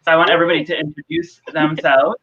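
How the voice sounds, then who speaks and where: A young man from Trinidad hosting a live video call book chat, relaxed and hesitant with fillers. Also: fairly high pitch, quick pace, gravelly, slightly rough. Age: young adult. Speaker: host. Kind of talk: casual live-stream chat. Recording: dull lo-fi video call audio.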